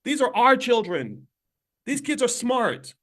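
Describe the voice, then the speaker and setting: A man's voice: very high voice, big pitch swings, takes it slowly. A middle-aged man giving an emphatic, preaching-style lesson over a phone livestream from a hotel room, full of rhetorical questions. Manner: emphatic, rhetorical questions, swings between loud and quiet. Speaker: speaker giving an economics lesson to a live online audience. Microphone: phone on a video stream.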